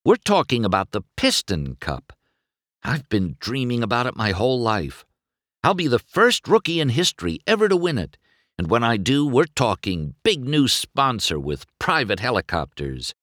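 A man reading a storybook aloud, voicing a cocky, excitable young race car who turns anxious and yells in alarm. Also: mid-range voice, dry recording, clean studio sound, voice pushed up, full character voice. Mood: earnest. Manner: anxious, quick to shout in alarm.

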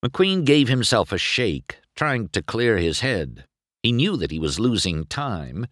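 A man reading a storybook aloud as narrator, with expressive, unhurried storytelling. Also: lowish voice, no room sound, clean studio sound.

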